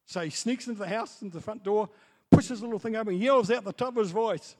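A man preaching a sermon as pastor, dropping to soft asides and building up to loud, excited storytelling. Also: sits high, a little fast, hardly any pauses. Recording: long hall reverb.

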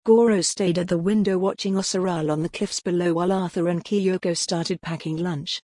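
A woman reading a children's adventure story aloud in a calm, even storytelling manner. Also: on the low side, normal speed, no room sound. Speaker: audiobook narrator. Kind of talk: scripted storybook narration.

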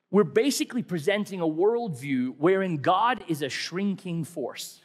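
A man's voice: sits high, lively intonation, moderate pace, few pauses. A middle-aged man preaching a sermon in a conversational, wry way, asking many rhetorical questions. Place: church hall. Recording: long hall reverb.

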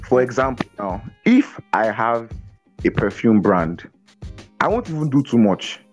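A man speaking as a guest in a casual interview over a video call, energetic, often repeating words and laughing. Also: mid-range voice, measured pace, faint music behind. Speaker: guest on a business podcast.

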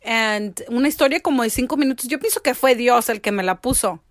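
A woman's voice: on the high side, fast, no room sound, clean studio sound. Emotional bilingual woman. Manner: emotional, switches between English and Spanish. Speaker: guest. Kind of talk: personal interview conversation.

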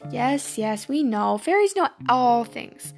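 Bubbly little fairies, as a woman puts them on in a storybook tale. They sound fussy and giggly, pitched high. Faint guitar plays underneath. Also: very animated, slow, heavily acted.

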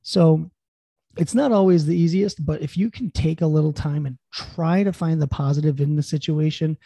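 A man's voice: fairly high pitch, normal speed, vocal fry, warm tone, husky, dry recording. A man co-hosting a podcast, chatting casually and earnestly with lots of "you know" fillers, encouraging listeners. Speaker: podcast co-host. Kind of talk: casual chat.

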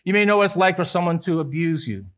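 A man with a notably high-pitched voice delivers a church sermon. He talks earnestly, pushing up for emphasis and dropping quiet at the ends of points. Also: expressive, fast talker. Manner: earnest, rises and falls with emphasis, some restarts. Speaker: pastor.

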